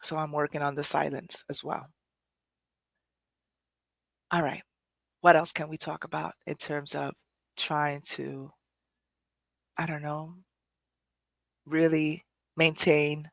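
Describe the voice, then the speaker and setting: A middle-aged woman podcast host talks earnestly and candidly in a reflective, personal way, sometimes laughing at herself. Her low voice is level and a little slow, with vocal fry and frequent pauses, in a dry recording.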